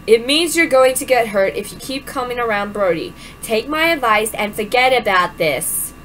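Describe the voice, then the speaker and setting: A woman voicing a stern, cold middle-aged father who gives grave, clipped warnings in a lowered voice. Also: expressive, moderate pace, fairly bright tone, a little hiss or hum, poor audio. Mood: ominous.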